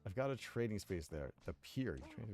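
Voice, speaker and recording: A gruff, hearty old trainer, as a man voices him, easygoing and boisterous. His lively voice dips low and relaxed at the ends of lines. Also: fairly quick, soft background music.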